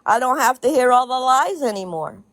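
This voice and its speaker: A woman with a high, lively voice talks at a moderate pace with no room sound. As a social media commentator, she delivers a blunt, profane vlog rant, repeating points for emphasis and laughing between them.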